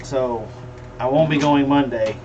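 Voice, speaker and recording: A man's voice: medium pitch, a little slow, muffled recording. Folksy joking man, a bit distant. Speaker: livestream host. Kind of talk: casual livestream chat. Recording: distant mic with faint room noise.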